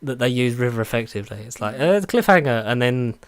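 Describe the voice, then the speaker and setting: A chatty English man co-hosting a casual podcast, his voice sitting at an everyday middle pitch. He talks in an animated way and keeps slipping into silly impressions. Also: fast. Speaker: podcast co-host.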